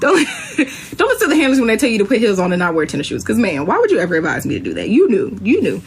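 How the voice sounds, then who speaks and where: A young woman chatting casually on a live stream, telling a lively story and acting out what people said. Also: racing, creaky, slight background noise. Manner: animated storytelling, acts out quotes in high voice. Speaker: reality show contestant.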